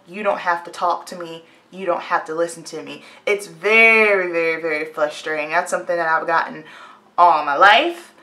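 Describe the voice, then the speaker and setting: A woman's voice: lowish voice, sharp tone. A woman in her late twenties from the United States, a hairstylist chatting candidly and with strong opinions straight to her viewers while getting ready. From United States (Virginia, North Carolina). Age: late 20s. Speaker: hairstylist and beauty vlogger. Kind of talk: casual get-ready-with-me chat.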